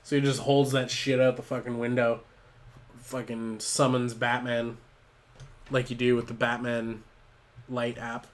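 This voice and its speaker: Man, casual live streamer, rambling, swears a lot, laughs, medium pitch. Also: level tone, a little slow, long pauses. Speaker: livestreamer building toy bricks. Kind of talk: casual improvised storytelling.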